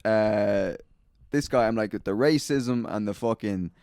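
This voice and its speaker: A man's voice: on the low side, unhurried, darkish tone, dry recording. A man, rambling through a sweary story in a casual podcast chat. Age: late 20s. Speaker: podcast co-host.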